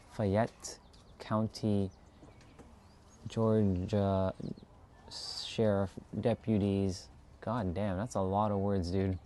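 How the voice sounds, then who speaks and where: A man with a lowish voice chats loosely and reads viewer comments aloud, filling his talk with "like" and "you know". He laughs easily as he goes. Faint outdoor ambience with birdsong sits behind him. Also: warm tone, slight background noise. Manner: rambling, filler-heavy, laughs easily. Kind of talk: casual chat, reading viewer comments.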